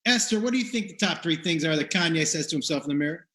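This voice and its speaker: Bright high-voiced male comedy host. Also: expressive. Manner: quick, laughs often. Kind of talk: casual comedy game show chat.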